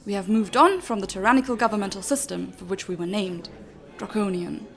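A man's voice: high voice, brisk, vocal fry, a bit bright, voice pushed up. A man voicing a gushing, flamboyant female chancellor of a dragon people with a put-on German accent, formal and theatrical.

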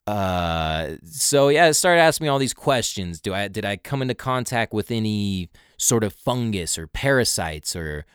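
Low-voiced profane young man rambling. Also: animated, normal speed, clean tone, no echo, clean studio sound. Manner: rambling, profane, with many fillers. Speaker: storyteller. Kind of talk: casual storytelling monologue.

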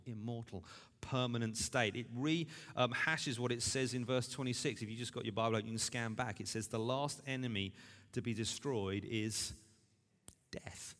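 Male pastor, earnest and emphatic, mid-pitched, church-hall echo. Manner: earnest, grows animated and emphatic. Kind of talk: sermon.

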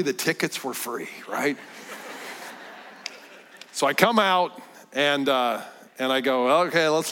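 A middle-aged man giving a sermon as a guest preacher, telling a story with lively delivery and dropping to hushed tones. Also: mid-range voice. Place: church sanctuary. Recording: church hall with long reverb.

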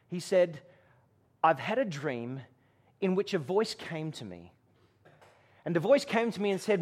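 A man preaching a sermon to a gathering, telling a story and dropping to a hush for dramatic moments. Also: high-pitched. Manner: storytelling with dramatic hushed drops. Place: room with a gathering.

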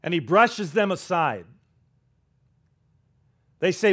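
Pastor, male, high voice, dramatic storytelling sermon with hushed asides. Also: big pitch swings, takes it slowly, long pauses. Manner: dramatic storytelling, drops to a hush for quoted words; leads the congregation in call-and-response.

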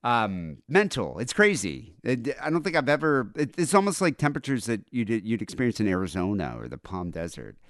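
A man's voice: mid-range voice, wildly swooping pitch, brisk, hardly any pauses, no echo, studio quality. A man co-hosting a comedy podcast from home, chatting casually in a rambling, irreverent way with lots of fillers. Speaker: podcast co-host.

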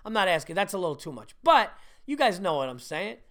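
A man's voice: sits high, sing-song, brisk, a bit bright. A middle-aged man hosting a podcast, telling profane, self-mocking stories in a rambling casual monologue. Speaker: podcast host.

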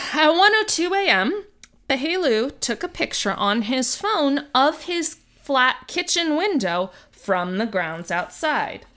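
A woman hosting a podcast tells a story in a loose, chatty way. Her voice swings a lot in pitch and sits a touch high. It has a clear, bright edge, and she slips quoted lines and asides into the telling. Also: slow. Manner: conversational, acts out quotes with lively asides. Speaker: podcast host.

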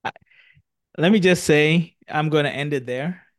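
A man hosting a podcast, supportive and quick to affirm his guest. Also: on the high side, no echo, clean studio sound. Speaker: podcast host. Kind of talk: podcast interview.

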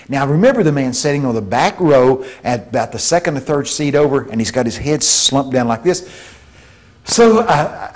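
A man preaching a sermon, telling stories with vocal sound effects and swinging between hushed tones and shouts. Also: a little high. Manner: shifts from hushed to shouting for emphasis.

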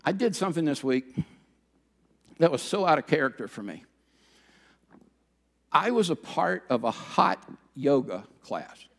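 A middle-aged man preaching a sermon as pastor, animated, telling stories and swinging from loud bursts to hushed, quiet passages. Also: on the high side, a little slow, vocal fry, long pauses. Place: church sanctuary. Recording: long reverb of a large hall.

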